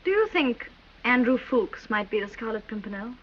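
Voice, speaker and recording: A woman's voice: on the high side, very animated, normal speed, slightly rough. An actress playing an exasperated young noblewoman, earnest and impatient, in 1930s film acting. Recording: dull old film soundtrack with hiss.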